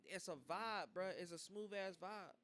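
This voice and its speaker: A man's voice: high voice, a little slow, sharp tone. A man hosting a podcast, chatting casually and hyping up his guest in slang. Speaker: podcast host. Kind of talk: casual interview chat.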